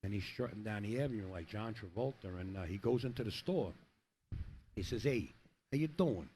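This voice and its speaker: A man's voice: fairly low pitch, a little fast, a little mellow, slight background noise. A middle-aged man commentating a pool match in a rambling, chatty way, telling jokes between shots. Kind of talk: casual play-by-play with joke telling.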